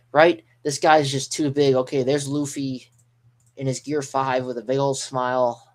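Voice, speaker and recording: An excitable man rambles through a live manga reaction, reading panels aloud and reacting as he scrolls. He swears mildly and corrects himself, in a mid-pitched voice. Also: normal speed.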